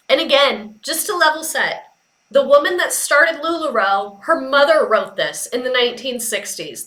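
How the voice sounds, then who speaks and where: Young female host, bright edgy voice, profane and sarcastic, echoey room. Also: sits high. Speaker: commentary host. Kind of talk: casual commentary.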